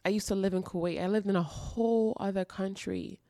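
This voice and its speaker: A woman's voice: medium pitch, steady tone, fairly quick, mellow, no echo, clean studio sound. A woman hosting her own podcast, speaking emotionally and earnestly and repeating phrases for emphasis in an intimate confessional monologue. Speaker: podcast host. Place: dark room at home.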